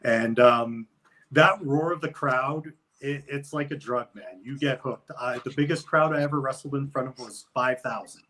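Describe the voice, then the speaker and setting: A man's voice: medium pitch, normal speed, sharp tone, poor audio. A man talking loosely as an interview guest, rambling with lots of filler words. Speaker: guest, wrestler. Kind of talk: casual interview chat.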